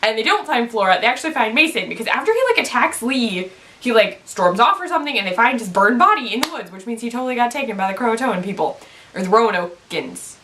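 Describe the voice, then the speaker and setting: A woman talks straight to her viewers in a quick, casual recap. Her voice is bright and forward, and she sounds excitable and chatty, full of little fillers. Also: a little high, a little hiss or hum. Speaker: vlogger recapping a TV episode.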